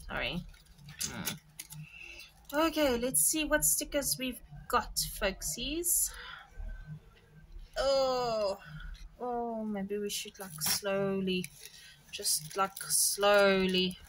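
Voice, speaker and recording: A woman vlogging a craft subscription box unboxing, gushing with excitement and talking straight to her viewers. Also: medium pitch, extremely slow, pauses often, a little hiss or hum, poor audio. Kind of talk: casual unboxing chat to viewers.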